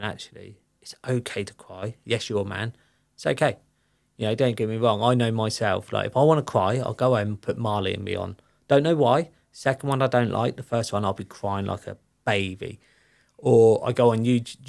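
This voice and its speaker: Middle-aged guy, gravelly voice, telling his story openly with lots of ums and you knows. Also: lowish voice. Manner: open, rambling storytelling with many fillers. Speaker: podcast guest. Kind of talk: candid personal conversation.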